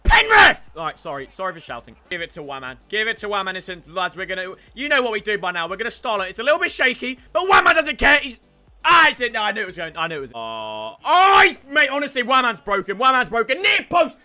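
High, bright-voiced young gamer. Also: male voice, sing-song, fast talker, faint music behind. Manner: shouts in bursts, repeats catchphrases. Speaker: gaming YouTuber. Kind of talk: excited gameplay commentary.

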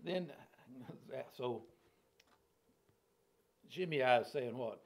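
A middle-aged man teaching scripture verse by verse in a relaxed, folksy way. He chuckles often and keeps turning questions back to his class. His voice sits a little higher than most men's. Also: slow pace, pauses often. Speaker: Bible study teacher. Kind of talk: casual verse-by-verse Bible teaching.

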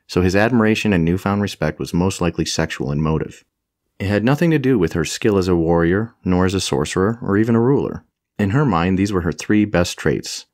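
A man's voice: low-pitched, a little mellow, no echo, studio quality. A man narrating a comic fantasy audiobook with a wry, storytelling delivery.

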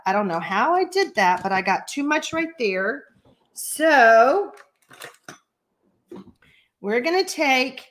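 A woman's voice: a little high, a bit bright. Chatty Texan woman teaching crafts. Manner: chatty, folksy, laughs often, reads viewer comments aloud. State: allergies, watery eyes. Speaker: card-making instructor hosting a live stream. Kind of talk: live stream craft tutorial.

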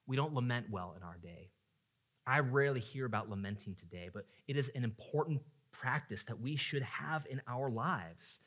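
A male pastor preaching a sermon, dropping to hushed tones and rising into loud, impassioned pleading. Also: mid-range voice, expressive, moderate pace, husky.

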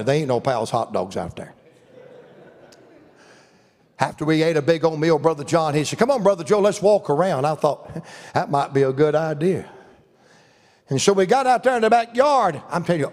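A man's voice: a little high, darkish tone. An older man with a Southern American accent, preaching a folksy, humorous revival sermon in a church. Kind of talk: storytelling sermon. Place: church sanctuary. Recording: long church reverb.

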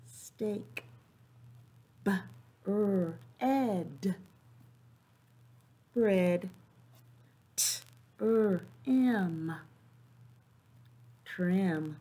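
A woman teacher leading young children through a phonics lesson, clearly sounding out word parts and encouraging them. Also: lowish voice, expressive, very slow, long pauses, darkish tone. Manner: encouraging classroom tone.

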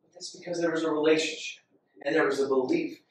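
A man preaching a sermon, impassioned and repetitive, rising loud when he reads scripture aloud. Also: a little high, steady tone, quick pace, slight background noise. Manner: impassioned, repeats phrases, rises loud when reading scripture. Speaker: pastor. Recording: echoey hall, from far off.

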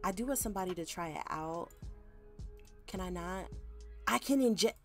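A woman giving casual, animated gameplay commentary, full of slang and sudden shrieks of mock alarm. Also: fairly low pitch, normal speed, faint music behind. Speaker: gaming YouTuber.

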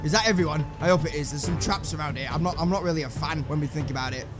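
Excitable English man commentating gameplay. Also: a little high, very fast. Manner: excitable, swearing, joking to himself. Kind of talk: let's play commentary. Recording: game music loud behind voice.

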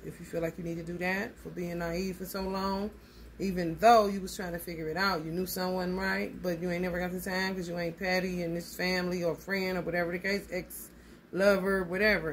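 A woman's voice: lowish voice, fairly quick, a little hiss or hum. A woman giving a casual tarot reading in a blunt, emphatic way, swearing freely and calling her listeners honey. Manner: emphatic and animated. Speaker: tarot reader.

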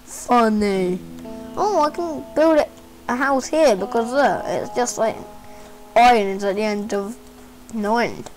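A woman's voice: on the high side, slow pace, darkish tone, faint music behind, rough recording. A woman rambling her way through casual gameplay commentary, chatty with giggly asides. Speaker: game player.

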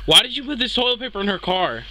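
A man's voice: high voice, animated, fast, noisy background. A man hosting his vlog, casual, teasing and crude, joking with his family. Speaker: vlogger host.

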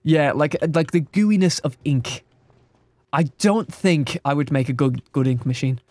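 A man's voice: on the high side, measured pace, a little mellow, no echo. A man chatting casually while playing a game, swearing and now and then slipping into silly put-on voices. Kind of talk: casual gaming chat.

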